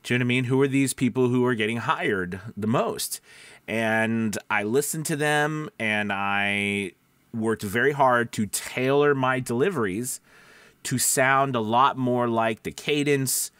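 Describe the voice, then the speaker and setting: A man's voice: mid-range voice, unhurried, a bit bright, smooth, dry recording. Man, slightly nasal voice, conversational coaching tone, dry close sound. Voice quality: somewhat nasal. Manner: conversational, restarts, asks viewers questions. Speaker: voice-over coach. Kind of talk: casual advice talk to camera.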